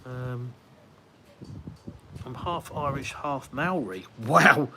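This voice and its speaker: A man's voice: medium pitch, extremely slow. An English man hosting a casual live stream, answering viewer comments aloud as he walks around his house and out onto a windy terrace. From United Kingdom. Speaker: livestream host.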